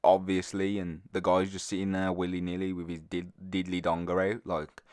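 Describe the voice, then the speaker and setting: A teenage man, hosting a storytime video in a rambling, animated, casual way. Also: low voice, moderate pace, clean tone, dry recording, studio quality. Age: teens. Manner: rambling, animated, with frequent fillers. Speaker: storytime channel host.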